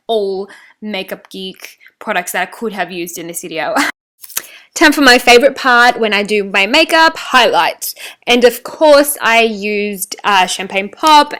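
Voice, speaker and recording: A young woman talks through her makeup steps in a loose, chatty voice-over. She rambles and laughs off her own slips of the tongue. Her voice is bright and clean. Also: mid-range voice. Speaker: beauty vlogger. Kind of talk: casual voice-over for a makeup tutorial.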